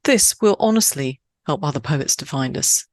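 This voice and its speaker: Low-voiced woman hosting a podcast. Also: lively intonation, moderate pace, darkish tone, no echo, studio quality. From Switzerland. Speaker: podcast host. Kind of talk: scripted podcast narration.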